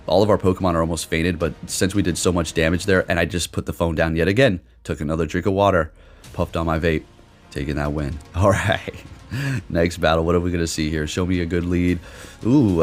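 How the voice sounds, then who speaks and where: Low-voiced man narrating his own matches. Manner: excitable, swears now and then. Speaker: gaming commentator. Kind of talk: casual game commentary.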